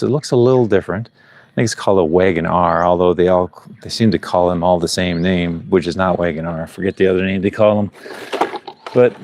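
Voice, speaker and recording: A man's voice: lowish voice, noisy background. A middle-aged man vlogging live outdoors on a rural building site, chatting in a rambling way and chuckling between thoughts. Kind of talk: casual live-stream chat. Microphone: clip-on mic.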